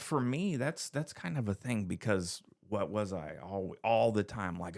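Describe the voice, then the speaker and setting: A man's voice: fairly low pitch, a little slow, vocal fry, no echo, clean studio sound. A man on a casual podcast chat, telling stories animatedly and acting out what people said. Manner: animated storytelling, acts out quotes. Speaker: podcast co-host.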